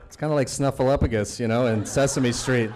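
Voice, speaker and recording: A man's voice: mid-range voice, a little fast, background noise. A man delivering a comedy roast at a charity banquet, chuckling through his jokes and teasing the guest of honor. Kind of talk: stand-up roast set. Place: banquet event before a live audience.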